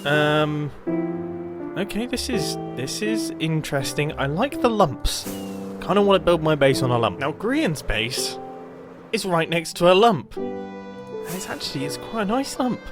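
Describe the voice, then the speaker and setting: Brief: playful, chatty male gaming narrator, slightly high voice, soft music bed. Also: big pitch swings, a little slow. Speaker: gaming video creator. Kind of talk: casual game commentary voice-over.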